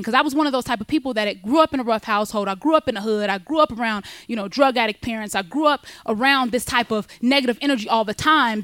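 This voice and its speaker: A woman in her thirties doing stand-up, telling a personal story with candid, animated delivery. Her voice sits fairly high, and she laughs between lines. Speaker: stand-up comedian.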